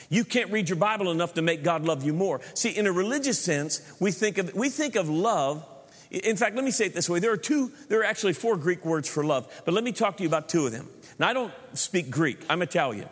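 High-voiced preacher in a reverberant hall. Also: male voice, fairly bright tone. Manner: repeats words while building points, jokes with the congregation. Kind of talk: sermon with humor. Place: large church hall.

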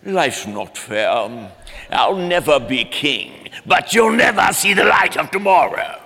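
A man voicing a scheming villainous uncle lion, with a slow menacing drawl. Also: on the high side, animated, vocal fry, sharp tone, big-room sound, voice pushed up, heavily acted.

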